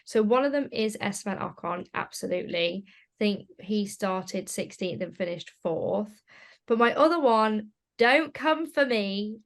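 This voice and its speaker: A woman's voice: mid-range voice, creaky. A woman co-hosting a podcast in casual chat. She rambles, hedges and laughs often. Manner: chatty, hedging, laughs often. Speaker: podcast co-host.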